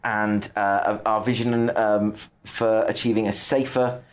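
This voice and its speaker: Animated, chatty male podcast host. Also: lowish voice, measured pace. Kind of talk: interview questions.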